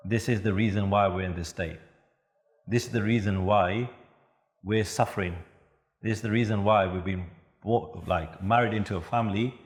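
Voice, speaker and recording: A man giving a religious talk at a youth camp, telling stories in an animated way and chanting verses. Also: lowish voice, reverberant. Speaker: Sikh preacher.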